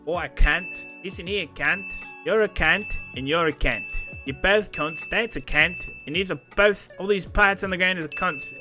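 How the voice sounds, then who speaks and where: A crude young Australian carpenter in a put-on accent, shouting profanities and whining melodramatically, as a man plays him. The voice sits well above a normal male speaking pitch. Faint music plays underneath. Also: a little slow, close to an everyday voice. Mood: rowdy, abusive. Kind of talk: gameplay role-play.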